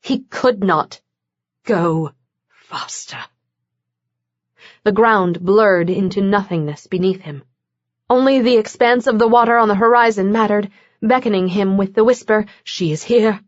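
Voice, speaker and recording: A woman narrates a novel in a steady, measured scripted reading. The recording is dry and a bit muffled, with no room echo. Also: mid-range voice. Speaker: audiobook narrator. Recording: dull, dry lo-fi audio.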